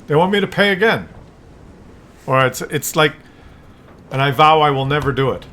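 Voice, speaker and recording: A man's voice: a little high, animated, moderate pace, pushed and bright, slight background noise. An older man talking in a loose, rambling monologue, often restarting words and acting out little scenes. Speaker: vlogger.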